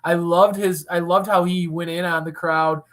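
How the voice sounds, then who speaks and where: Excitable man with a slightly high voice. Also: moderate pace. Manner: enthusiastic, rambling with restarts. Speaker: co-host of a wrestling recap show. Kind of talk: casual chat.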